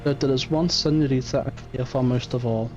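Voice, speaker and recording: A man's voice: mid-range voice, steady tone, fairly quick, lightly acted. A man voicing a lovesick, flamboyant Spanish fishmonger in a game reading, with a put-on Spanish accent. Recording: muffled stream audio, faint music.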